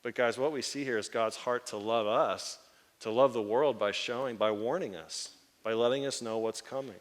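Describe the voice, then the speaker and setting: A man's voice: mid-range voice, normal speed. A man preaching a sermon, telling stories and acting out the voices of the people in them. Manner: animated storyteller acting out quoted voices, laughing. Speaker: pastor. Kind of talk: sermon with storytelling. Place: church sanctuary. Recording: long hall reverb.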